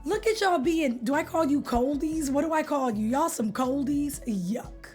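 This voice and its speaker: Young woman streamer from California, high-pitched, playful and slangy, with faint music behind her. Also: normal speed, darkish tone. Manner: playful, slangy, greets chatters by name. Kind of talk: casual chat with live viewers.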